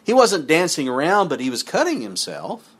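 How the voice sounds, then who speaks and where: A man's voice: a little high, sing-song, moderate pace, a bit bright, breathy edge. A man giving a sermon, reading scripture passages aloud and then explaining them in a conversational way with asides to his listeners. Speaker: preacher.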